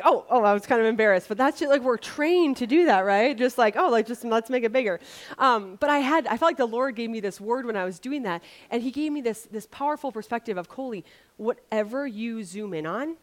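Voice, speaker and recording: A woman preaching a sermon in a chatty, animated way, acting out people's complaints. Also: medium pitch. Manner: chatty and animated, acts out grumbling voices.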